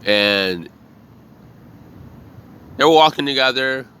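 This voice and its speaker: A man talking straight to the listener with blunt, cursing, animated storytelling. His voice is bright and forward. A faint hum of ambient noise sits behind him. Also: mid-range voice, slow. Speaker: bartender. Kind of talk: casual motivational monologue.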